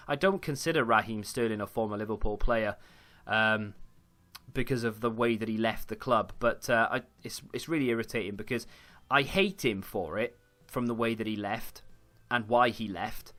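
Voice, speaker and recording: A man's voice: on the low side, normal speed, a bit bright. A young man chatting casually while commentating his own football video game, rambling with frequent fillers and restarts. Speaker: gaming YouTuber.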